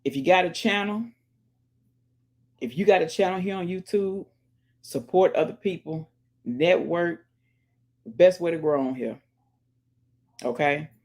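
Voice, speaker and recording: With earphones in and music playing, a female channel host chats emphatically, shouting people out and addressing her audience as "y'all" again and again. Her voice is lowish, her pace measured, with frequent pauses. She preaches a bit, encouraging viewers to pray and back one another.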